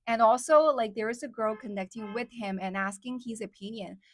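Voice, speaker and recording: A young Chinese woman with a Chinese accent chats casually on her live stream in a brisk, slightly high voice. She uses plenty of fillers and reads viewer comments aloud.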